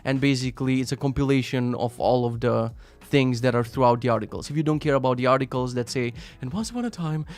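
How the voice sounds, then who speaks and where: A man's voice: mid-range voice, fairly even intonation, fast, few pauses. Sarcastic, swearing male streamer. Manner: profane, sarcastic, swings between loud rants and mumbled asides. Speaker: live-stream host. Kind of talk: casual live-stream chat reading viewer links.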